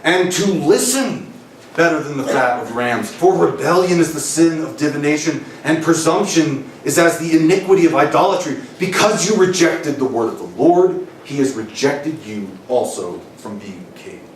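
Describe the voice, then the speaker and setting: A man's voice: fairly high pitch, animated, normal speed, slight background noise, close to an everyday voice. A man reading a stern old prophet. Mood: stern rebuke. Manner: solemn, scolding. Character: stern old male prophet rebuking a king. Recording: roomy hall, distant mic, faint ambience.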